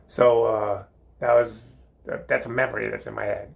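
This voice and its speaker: An older man in a bathroom tells rambling comic stories about his school days, meandering through them with heavy fillers and chuckling at himself. His gravelly voice sits on the low side, moves little in pitch, and keeps a normal speed.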